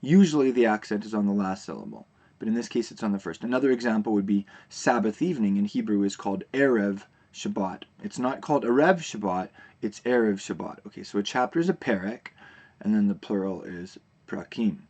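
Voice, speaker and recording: A man teaching a recorded video lesson, explaining terms in a relaxed way with frequent fillers and restarts. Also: lowish voice, a little fast.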